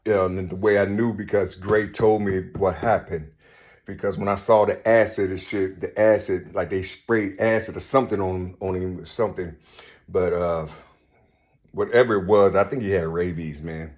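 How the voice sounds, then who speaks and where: A middle-aged man rambling on in a profane, repetitive monologue outdoors, swinging between loud boasting and low mumbling. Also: fairly even intonation, normal speed. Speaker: vlogger. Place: outdoors among trees.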